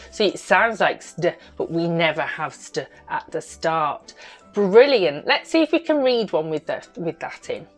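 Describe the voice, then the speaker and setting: A woman teaching a phonics lesson to young children, sounding out words slowly and praising each step. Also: fairly low pitch. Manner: slow, exaggerated sounding-out of words; bright, encouraging praise.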